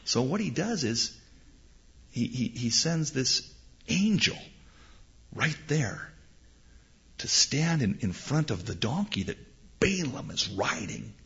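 A man preaching in an animated sermon-storytelling style, often repeating words as he restarts. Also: medium pitch, slow, pauses often. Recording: dull lo-fi recording.

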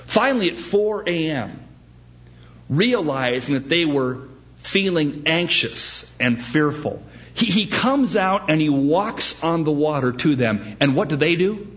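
A man preaching a sermon as pastor, animated and acting out the voices he quotes. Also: a little high, unhurried, muffled recording.

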